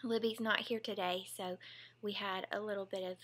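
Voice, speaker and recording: A woman's voice: medium pitch, little pitch movement, moderate pace, fairly bright tone. Young woman, Southern US accent, casual vlogger, giggly and chatty. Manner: chatty and giggly, drawling asides. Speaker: mom vlogger, former teacher. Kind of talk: casual home vlog, reading a word list.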